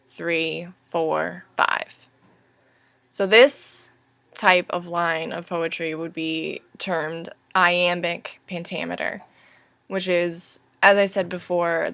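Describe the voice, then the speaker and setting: A young woman teaches a recorded lesson, talking slowly and carefully through each point. Her voice is bright and crisp, recorded close and dry with no room sound. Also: on the low side, no room sound. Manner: slow, deliberate, spelling out each stress. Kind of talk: recorded lesson over slides.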